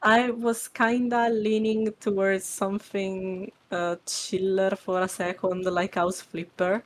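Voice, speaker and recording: A woman's voice: mid-range voice, flat delivery, slow pace. A woman guest on a stream chatting casually, very tired, with a stuffy nose, giggling and hesitant. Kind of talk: casual chat.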